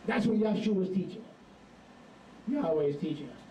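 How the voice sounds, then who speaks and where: A man preaching a sermon in an emphatic, animated storytelling manner, recorded from a distance in a hall. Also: sits high, normal speed, lo-fi sound, a little hiss or hum.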